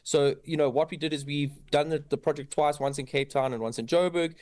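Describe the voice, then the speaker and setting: A man guesting on a radio show as a creative director, talking with many pauses and fillers. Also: a little high, steady tone, a little mellow, no echo. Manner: hesitant, full of fillers. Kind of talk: radio interview.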